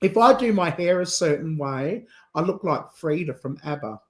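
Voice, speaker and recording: A woman's voice: low voice, expressive, moderate pace, low-quality recording. A woman hosting a casual chat, rambling and reminiscing, often trailing off and restarting. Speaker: host.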